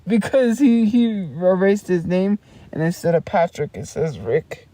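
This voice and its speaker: A woman chats on her livestream in a slow, meandering way, laughing often and doubling back on her words. Her voice is mellow and soft-edged, captured dry and close with no room around it. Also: lowish voice, animated, no room sound. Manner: rambling, laughing, trails off and restarts. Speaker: streamer. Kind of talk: casual livestream chat.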